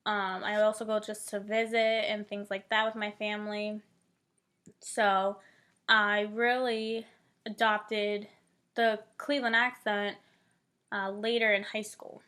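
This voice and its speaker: A woman's voice: mid-range voice, little pitch movement, unhurried, sharp tone. A woman in her twenties from Northeast Ohio, a college student casually explaining a theory, full of "like" and "um" fillers. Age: 20s. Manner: chatty, many "like" and "um" fillers.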